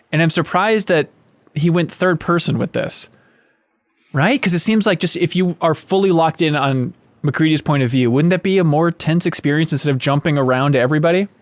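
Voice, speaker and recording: A man hosting a podcast discussion, talking in an animated, joking way. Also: a little high, no echo. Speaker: podcast host. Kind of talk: casual discussion.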